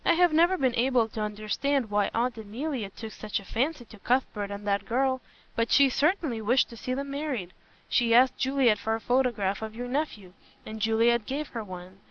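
A jealous, scheming young woman from a storybook, spiteful and quick to flare into shrill fury, as a woman narrator reads her. The voice sits fairly high. The sound is dull and lo-fi. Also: close to an everyday voice. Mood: cold.

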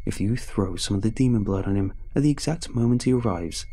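A man's voice: lowish voice, fairly quick, slightly rough. A man reading a scheming demon bargaining for souls. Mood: explaining. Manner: calm, persuasive explaining. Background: faint music.

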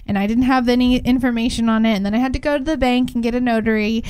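A woman co-hosting a casual chat show, telling a story in an animated way and laughing often. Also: on the high side, fast talker. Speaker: co-host.

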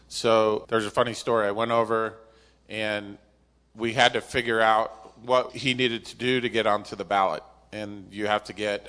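Middle aged guy, lowish voice, chatty interview guest telling a story, pokes fun at himself. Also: in a large hall. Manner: self-deprecating, animated when recounting dialogue. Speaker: interview guest, company executive. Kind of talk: conversational storytelling.

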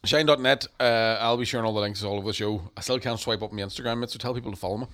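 A man's voice: fairly low pitch, racing, fairly bright tone. A man with a Northern Irish accent, co-hosting a casual podcast as a comedian, swearing freely and laughing often. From Northern Ireland. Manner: swears freely, laughs, slips into movie-line impressions.

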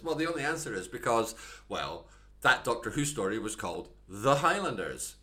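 A man's voice: mid-range voice, big pitch swings, fairly quick, sharp tone. A Scottish man co-hosting a casual discussion podcast, critical and thoughtful, often restarting his sentences. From Scotland. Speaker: podcast co-host.

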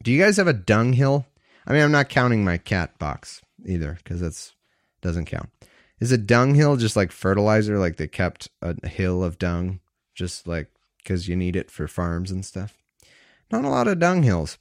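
A man's voice: sits low, sing-song, normal speed, dry recording, studio quality. A man reading scripture aloud, breaking off with wry, casual asides. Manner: wry asides between verses.

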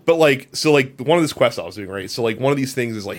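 A man co-hosting a gaming podcast, telling a long game story in a rambling, animated way, full of fillers and swearing. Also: mid-range voice, fast, hardly any pauses. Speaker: podcast co-host. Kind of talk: casual chat.

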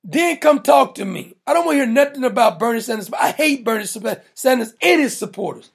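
A man's voice: very high-pitched, animated, fairly quick, gravelly, slightly rough. A man hosting a political talk show, ranting in an emphatic, mocking, blunt way. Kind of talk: opinionated political rant.

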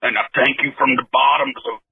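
Caller doing a dim, earnest Southern yokel with a fake drawl, halting and husky, tinny phone line. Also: male voice, mid-range voice, steady tone. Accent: put-on American Southern. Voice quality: halting, drawling, stumbling repetitions. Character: slow, dim-witted Southern man, earnest and tearful.

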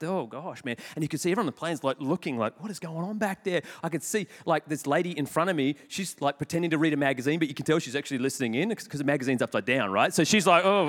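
A man preaching in a church hall, his slightly high voice carrying a long reverb. He tells a story in an animated, joking way and laughs at himself. Sudden loud bursts break into the calmer stretches. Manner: animated, jokey, self-deprecating, with bursts of loudness. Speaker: pastor. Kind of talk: sermon with storytelling.

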